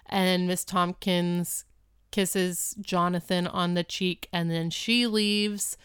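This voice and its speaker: Woman podcast co-host, very crisp clear voice in a dry close-miked sound, rambling episode recap. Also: on the low side, slow, dry recording. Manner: rambling and animated, full of filler words. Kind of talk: casual chat recapping a TV episode.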